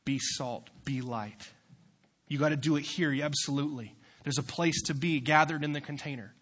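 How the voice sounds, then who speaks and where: Bright-voiced young preacher man. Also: a little high, fairly even intonation, normal speed, husky. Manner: swings from quiet asides to loud, fervent preaching. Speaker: youth pastor. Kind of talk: sermon.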